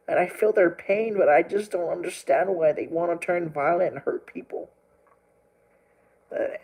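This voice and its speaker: A man's voice: a little high, a little mellow, husky, poor audio. A young man from Texas, a storm chaser vlogging, rambling emotionally and crying as he repeats himself. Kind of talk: emotional vlog rant.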